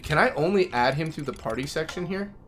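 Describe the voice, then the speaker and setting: A man's voice: fairly high pitch, expressive, brisk, a bit bright, a little hiss or hum. A man streaming a game live, chatting casually and talking affectionately to his dogs. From Minnesota.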